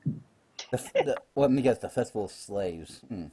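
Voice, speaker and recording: Mellow, husky-voiced man running a game. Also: on the low side, expressive, normal speed. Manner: chatty, explains rules with fillers and laughs. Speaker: dungeon master. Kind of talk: running a live online tabletop game.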